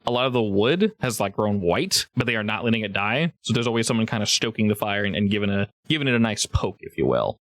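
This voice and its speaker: A man's voice: fairly low pitch, fast, hardly any pauses. Easygoing man narrating as game master. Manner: relaxed, rambling with many fillers.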